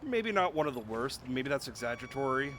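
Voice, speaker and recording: A man's voice: mid-range voice, sing-song, brisk, fairly bright tone, slight background noise. A man streaming a video game, chatting casually and joking to himself as he plays. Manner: rambling, jokey, talks to himself while playing. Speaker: gaming streamer. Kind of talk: casual let's-play commentary.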